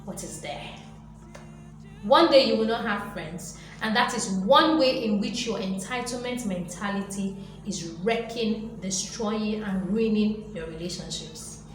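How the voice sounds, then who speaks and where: Animated woman lecturing in an echoey room. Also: mid-range voice, measured pace. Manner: animated, lecturing, acts out voices. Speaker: motivational vlogger. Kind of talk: motivational talk to camera. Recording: very echoey room, faint music behind.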